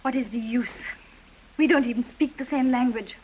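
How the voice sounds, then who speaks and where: A woman's voice: on the high side, moderate pace, a little mellow, natural voice. An actress playing an exasperated young noblewoman, earnest and impatient, in 1930s film acting. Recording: dull old film soundtrack with hiss.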